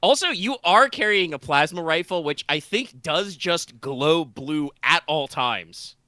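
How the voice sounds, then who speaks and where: A man running a tabletop game, his voice bright and forward as he rambles through the scene with plenty of ums and restarts. The sound is dry and close, with almost no room around it. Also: fairly high pitch, expressive, unhurried, dry recording. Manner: rambling, loose, full of fillers and restarts. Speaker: game master.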